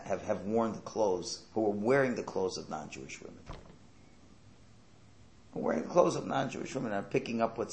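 A man's voice: fairly low pitch, creaky, reverberant, a little hiss or hum. A man giving a religious lecture, emphatic and full of rhetorical questions and sarcastic asides. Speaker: Torah teacher.

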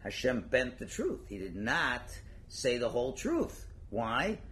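A man's voice: mid-range voice, slow pace. A man teaching a Torah class as a rabbi, casual and joking, acting out everyday arguments and mixing in Hebrew and Yiddish terms. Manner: animated, joking, acts out everyday dialogue. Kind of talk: informal religious lecture.

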